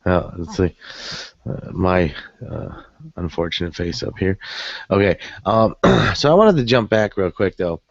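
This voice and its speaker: A man with a very low voice co-hosts a casual late-night podcast, sounding tired as he rambles and jokes. He swears casually between stories. The sound is dry and close. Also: measured pace, gravelly, no echo, highs cut off. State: tired, yawning. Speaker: podcast co-host. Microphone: webcam setup.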